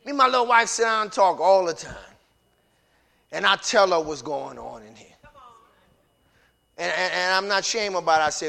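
A male pastor with a strikingly high, bright and piercing voice delivers an impassioned sermon. He swings between hushed, intimate stretches and shouted peaks. He talks straight to his congregation, with folksy asides. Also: moderate pace, vocal fry, pauses often.

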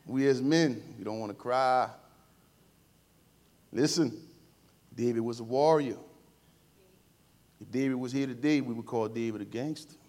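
A man preaching a sermon in a church service. He talks informally and emotionally, swinging from quiet and tender to loud calls to the congregation, with playful asides. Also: mid-range voice, measured pace, pauses often.

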